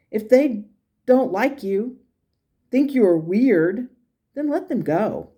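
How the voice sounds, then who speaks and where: A woman's voice: mid-range voice, mellow, husky, voice pushed up. A woman voicing a blunt but caring spirit guide as she reads its messages aloud. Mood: firm. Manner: blunt, encouraging, exasperated at times. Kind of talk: reading channeled messages aloud.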